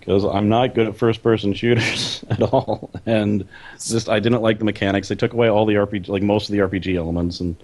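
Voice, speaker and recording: Relaxed low-voiced young man chatting. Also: a little fast. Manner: relaxed, chuckling, hedges with fillers. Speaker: podcast co-host. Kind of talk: casual chat.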